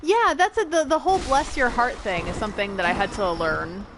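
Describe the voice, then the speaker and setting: A woman from the northern United States, a streamer chatting casually with viewers while playing a game, talking fast. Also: on the high side, fairly bright tone, slight background noise.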